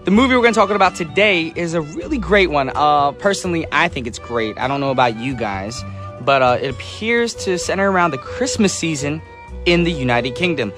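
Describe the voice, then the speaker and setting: Man, radio dj, casual upbeat chat, easy laughs, soft music under the voice. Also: fairly high pitch, lively intonation, brisk. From United States. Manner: chatty, upbeat, laughs easily. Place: radio studio. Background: soft background music.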